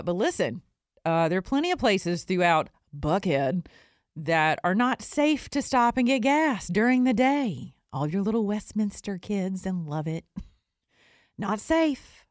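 A woman's voice: on the low side, no echo, clean studio sound. Blunt, exasperated woman talk show host. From living in Atlanta. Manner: blunt, exasperated ranting with sarcastic asides. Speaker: recording artist. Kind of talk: opinion talk show monologue.

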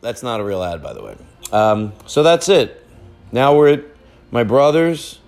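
A man hosting a podcast, chatting from a family living room. He rambles, loses the thread and jokes his way along. His voice sits at an ordinary middle pitch. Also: very animated, unhurried, darkish tone, soft background music. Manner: rambling, joking storyteller, wanders off-track. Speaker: podcast host. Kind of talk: casual chat.

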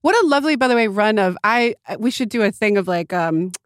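A woman's voice: mid-range voice, lively intonation, fairly quick, no room sound, clean studio sound. A woman guest, a screenwriter and producer, chatting playfully and laughing easily in a casual podcast.

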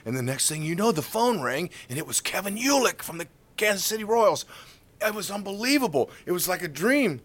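Middle-aged guy, baseball commentator, spinning animated stories, does all the voices. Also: high voice, fairly quick. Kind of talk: casual storytelling interview.

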